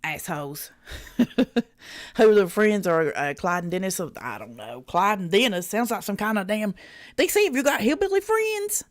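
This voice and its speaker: A woman with a rural Southern US accent streams live to her chat. Her voice swings up and down in lively pitch and sounds close and dry. She talks in a blunt, folksy way, swears freely and laughs often. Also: measured pace, no room sound. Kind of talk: casual live reaction stream.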